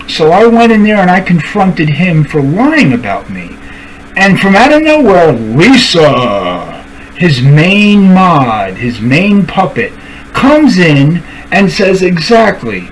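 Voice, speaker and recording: A man's voice: a little high, big pitch swings, slow, a little hiss or hum, low-quality recording. A streamer ranting to camera, calling out people by name and repeating his points for emphasis. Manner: confrontational, addresses people directly by name. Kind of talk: angry rant to camera.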